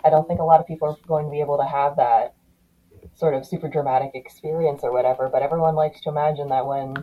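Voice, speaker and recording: A woman hosting a casual podcast chat, thoughtful and animated as she talks. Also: low-pitched, quick pace, phone-quality sound. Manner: animated, thoughtful, occasional laughs. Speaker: podcast host.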